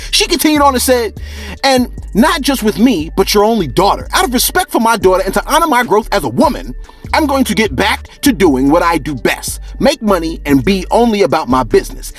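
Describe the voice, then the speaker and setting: Male gossip host, slangy and animated, chuckling, with a wildly swinging pitch. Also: fairly quick, slightly rough, soft background music. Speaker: entertainment news host. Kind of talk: celebrity gossip commentary.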